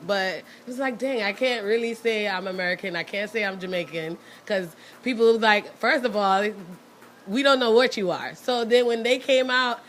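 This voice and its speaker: A woman's voice: mid-range voice, normal speed, a little hiss or hum. A woman born in Brooklyn, co-hosting a studio talk show in casual chat, laughing often. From Brooklyn, New York. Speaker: co-host.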